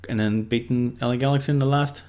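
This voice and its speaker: A man's voice: mid-range voice, fairly even intonation, fast, a little mellow. A man giving casual, unscripted football predictions, rambling loosely and leaning on lots of filler words. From Ireland.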